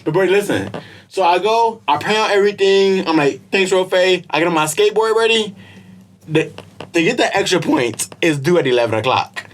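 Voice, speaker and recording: A young man from Israel co-hosting a casual podcast, telling an animated, slangy story and laughing often. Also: sits high, brisk. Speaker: podcast co-host. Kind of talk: casual chat.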